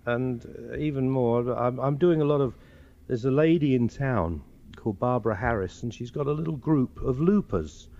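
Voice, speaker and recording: A man's voice: mid-range voice, normal speed. English man telling anecdotes on radio. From England. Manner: animated storyteller slipping into mimicked regional voices. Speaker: guest. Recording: dull lo-fi 1980s radio broadcast.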